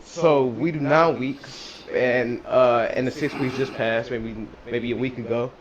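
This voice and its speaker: A man's voice: mid-range voice, steady tone, unhurried, a crowd in the background, rough recording. A young man co-hosting a casual livestream chat in a laid-back, easygoing way. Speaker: co-host.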